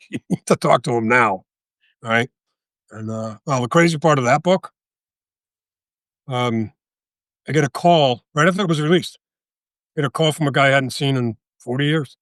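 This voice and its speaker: A man in his sixties, a guest telling a story in a casual interview, animated and profane, often checking with "right?". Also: mid-range voice, no echo, clean studio sound. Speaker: guest, author and veteran.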